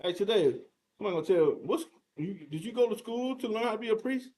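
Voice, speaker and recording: A man with a notably high-pitched voice leads a heated scripture breakdown as a teacher. He speaks emphatically and confrontationally, pressing his listeners with rhetorical questions and the occasional curse. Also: animated, fast talker, darkish tone.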